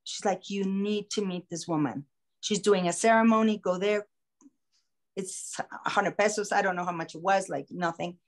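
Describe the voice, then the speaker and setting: Woman, podcast host, casual storytelling, animated, acts out voices, mid-pitched. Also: moderate pace. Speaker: singer.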